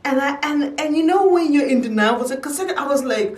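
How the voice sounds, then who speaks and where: Animated young woman telling a story. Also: fairly quick, recorded from a distance. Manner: animated storyteller, jumps high when quoting. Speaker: YouTuber. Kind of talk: casual storytime. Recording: roomy echo, a little off-mic.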